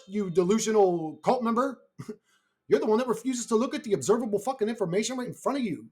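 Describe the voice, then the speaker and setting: A man's voice: sits high, a little fast, a little mellow. A man talking alone on his channel in a brash, profane, rambling monologue, laughing often at his own remarks. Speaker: YouTuber.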